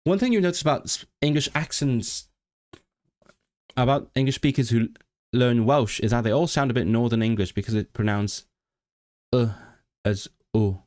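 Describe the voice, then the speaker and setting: A man's voice: mid-range voice, normal speed, pauses often, darkish tone. A man whose first language is Cantonese, hosting a casual livestream chat, rambling with many restarts and reading chat messages aloud. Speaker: livestream host.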